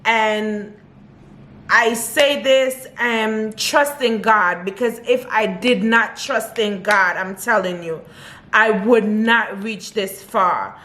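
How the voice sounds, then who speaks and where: A woman's voice: mid-range voice, slow pace, sharp tone. A young woman vlogger talking earnestly and from the heart to her camera, often repeating her advice. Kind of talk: personal talk to camera.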